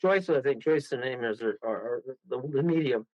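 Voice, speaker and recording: A man's voice: mid-range voice, expressive, normal speed, a little mellow, dry recording, muffled recording. A man, a guest medium on a radio show, telling a rambling story full of laughs and acted-out quotes.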